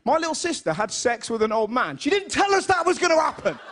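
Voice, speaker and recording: A young man with an English accent doing a lively stand-up comedy routine on stage, telling stories and acting out his mother's lines. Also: very high-pitched, fast. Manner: animated storytelling, puts on his mum's voice in quotes. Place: stage in front of a live audience.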